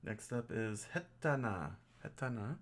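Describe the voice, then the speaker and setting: A man streams his own Japanese study, speaking in an expressive mid-range voice at a slightly slow pace. He reads out words and meanings, joking, thinking aloud and fixing his own mistakes along the way in this casual stream.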